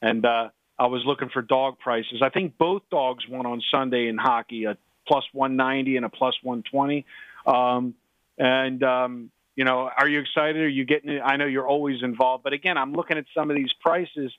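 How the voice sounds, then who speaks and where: A middle-aged man, a sports betting handicapper, talking excitedly on sports radio, repeating himself and talking over the others. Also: medium pitch, normal speed, no room sound. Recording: dry tinny phone line.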